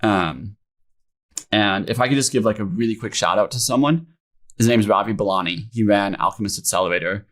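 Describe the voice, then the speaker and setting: A man's voice: fairly low pitch, a little fast, fairly bright tone. A young man, a company founder, telling his story candidly in a podcast interview, filling his talk with "like" and "um". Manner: informal, many fillers like "like" and "um", emotional retelling. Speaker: founder guest.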